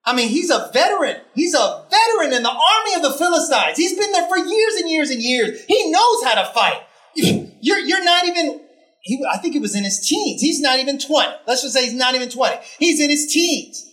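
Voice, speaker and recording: A preacher gives a conversational sermon, retelling a scripture story with emphatic repetition, rhetorical questions, and phrases repeated for effect. The voice is high, animated, fairly quick, and a little bright.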